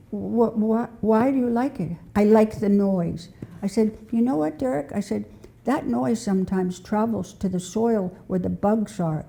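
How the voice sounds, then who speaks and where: With a low, mellow voice and a gravelly fry, an older New Hampshire woman casually tells community stories to a local audience. She rambles warmly, restarting often and dropping small laughs, sounding like a relaxed storyteller.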